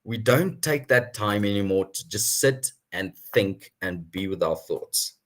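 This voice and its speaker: A young man telling his career story at an online town hall in an animated way, chuckling often. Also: on the low side, a little slow. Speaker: guest speaker.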